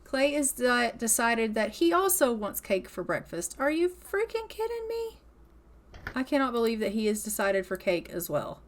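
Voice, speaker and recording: A woman's voice: a little high, expressive, normal speed, hardly any pauses. Chatty woman narrating gameplay. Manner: chatty, affectionate, laughs often. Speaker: gameplay commentator. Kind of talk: casual let's-play commentary.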